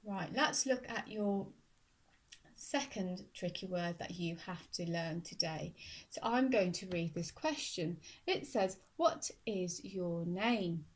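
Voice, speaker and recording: A woman teaching a phonics lesson to young children, speaking slowly and clearly and sounding out words syllable by syllable. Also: on the low side, animated. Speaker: primary school teacher.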